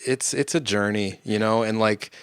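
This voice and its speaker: A man, a guest film composer, talking in a reflective, halting way with many restarts in casual conversation. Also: lowish voice, clear, resonant tone, no room sound, studio quality.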